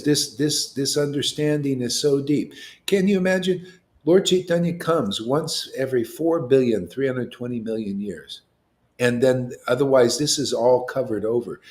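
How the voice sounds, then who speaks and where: A man's voice: medium pitch, darkish tone. Man giving a casual devotional talk. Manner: colloquial, asks rhetorical questions often. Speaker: spiritual teacher.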